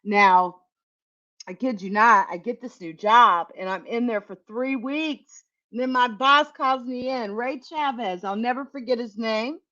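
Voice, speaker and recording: Brief: middle-aged woman, slow and unhurried, a little high, swears freely, casual storyteller on a dull lo-fi track. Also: bright, forceful tone. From United States. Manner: candid, profane, laughs often. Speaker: tech channel host. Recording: dull lo-fi recording.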